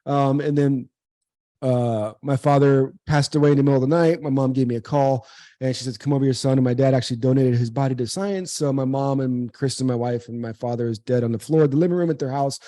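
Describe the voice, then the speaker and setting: During an interview, a guest who once played pro baseball and now works as a speaker, an American man in his forties, earnestly shares a personal story. He speaks fairly quickly in a mellow, mid-range voice, repeating words and acting out quoted dialogue. There's no room sound.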